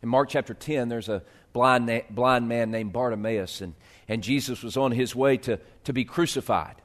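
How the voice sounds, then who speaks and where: A male pastor preaching a sermon, swinging from hushed, slow lines to loud, rising appeals. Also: medium pitch.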